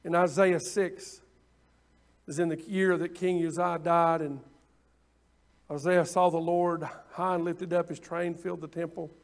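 A man preaching a sermon, impassioned and repetitive at times, then dropping into quiet asides. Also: fairly high pitch, level tone, a little slow. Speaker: pastor.

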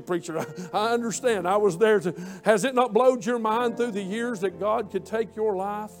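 A man preaching a sermon, impassioned and repeating himself as he builds. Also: sits high.

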